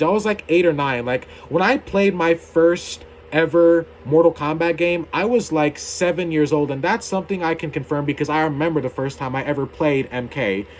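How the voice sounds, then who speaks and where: A man's voice: on the high side, a little hiss or hum. A young adult man hosting his own video channel, ranting in a heated, indignant way and swearing casually. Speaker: YouTuber.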